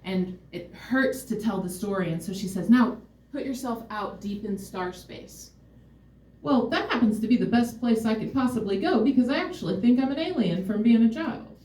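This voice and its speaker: A woman's voice: fairly high pitch, animated, fairly quick, hardly any pauses, dark tone, slight background noise. A woman telling a personal story on stage, candid, wry and emotionally open. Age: adult, mother of a son. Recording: roomy hall, mic far off.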